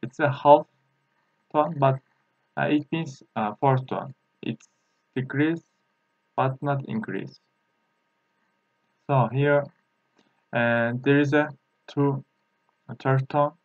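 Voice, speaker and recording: A man teaching a language lesson, a Turkish native speaker, talking in a halting way with many fillers and repeating sounds slowly for practice. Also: medium pitch, no echo, narrow, tinny audio.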